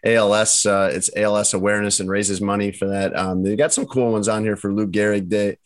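Teasing low-voiced male podcast host. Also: fairly even intonation, fairly quick. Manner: teasing, bantering. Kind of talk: casual chat.

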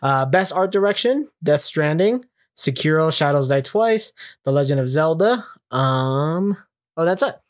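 A young man co-hosting a podcast, chatting casually about video games, laughing often and filling pauses with ums. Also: on the high side, animated. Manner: laid-back, laughs often, many fillers. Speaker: podcast co-host. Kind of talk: casual gaming chat.

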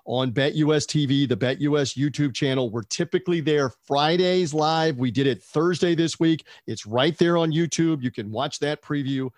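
Chatty man, slightly high, dry sound. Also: moderate pace, hardly any pauses, dry recording. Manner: chatty, digressive, asks co-host questions. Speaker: podcast co-host. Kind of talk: casual boxing chat.

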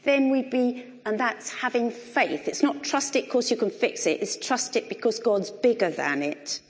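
A middle-aged woman preaching a sermon in a conversational, animated way with wry humour, recorded in a church. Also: a little high, moderate pace. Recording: long reverb of a large hall.

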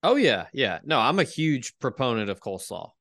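Bright-voiced male podcast host. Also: mid-range voice, big pitch swings, normal speed, no room sound, clean studio sound. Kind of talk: casual chat.

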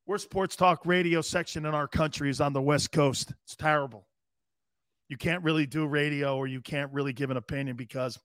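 A man's voice: on the high side, a bit bright, dry recording, studio quality. A man hosting an opinionated sports talk radio show, brash, rambling and joking.

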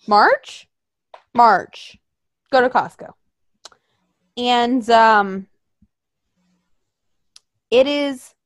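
A woman's voice: a little high, no room sound, clean studio sound. A young woman telling a story in casual chat, swearing often and acting out quotes in voices.

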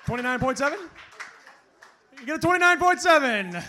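A man's voice: extremely high pitch, lively intonation, brisk, a crowd in the background, noisy background. A man hosting a live poetry slam, loose and profane as he calls out judges' scores.

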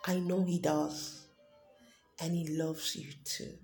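A woman talks slowly and earnestly on her devotional podcast, her voice low and warm. She often repeats herself, and the room is echoey with faint music underneath. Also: flat delivery, creaky. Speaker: podcast host. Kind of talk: unscripted devotional podcast talk.

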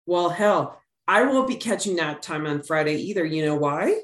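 A woman's voice: deep voice, normal speed, roomy sound. A middle-aged woman co-hosting a sports podcast, chatting casually with a rambling, filler-heavy way of talking. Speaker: podcast co-host.

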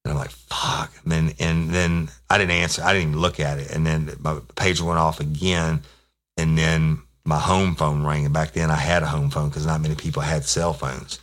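Middle-aged ex-cop host, very low voice, folksy and foul-mouthed storytelling. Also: male voice, flat delivery, brisk, hardly any pauses, a bit bright. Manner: profane, rambling, folksy. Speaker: podcast host, former police officer telling stories. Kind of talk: casual storytelling.

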